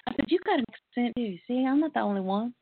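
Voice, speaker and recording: A woman's voice: a little high, animated, fairly quick, heavy background noise. A woman hosting a call-in show, playful and flirty, laughing often. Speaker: host. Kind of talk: casual call-in chat. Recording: dry tinny phone line.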